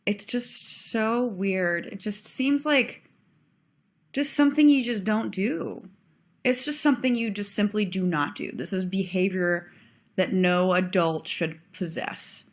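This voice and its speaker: A young woman vlogger rants through her video commentary, blunt and heated and swearing freely. Her voice is mid-range and a bit bright.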